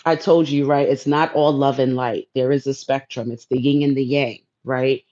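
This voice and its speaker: A woman's voice: a bass voice, fairly even intonation, normal speed, mellow, muffled recording. A woman hosting a casual spiritual livestream, laid-back and playful, talking straight to viewers in her chat. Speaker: livestream host.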